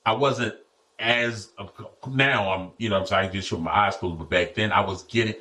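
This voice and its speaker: A man in his forties with a low-set voice spins a loose, profane story as a podcast guest. He talks casually and keeps slipping into the voices of the people he quotes. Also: brisk. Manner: profane, animated storyteller acting out others' lines.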